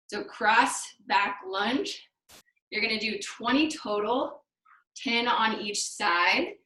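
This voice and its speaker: A woman leads a live fitness class over a video call, cueing each move as she demonstrates it. Her voice sits a touch high and rings around a bare, echoey room. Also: takes it slowly, bright, forceful tone. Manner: instructive, cueing exercises while demonstrating. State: out of breath. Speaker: fitness instructor. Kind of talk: live online workout class.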